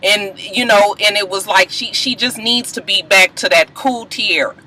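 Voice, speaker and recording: A woman vlogger recapping a reality show in a casual, profane, animated way. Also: mid-range voice, normal speed, low-quality recording.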